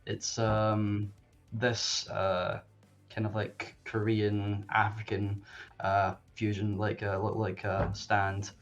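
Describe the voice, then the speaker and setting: A man playing a tabletop game, describing his character in a slow, halting way with many fillers. His voice is low and the recording is dull and lo-fi. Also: monotone, soft background music. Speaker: player. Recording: dull lo-fi sound.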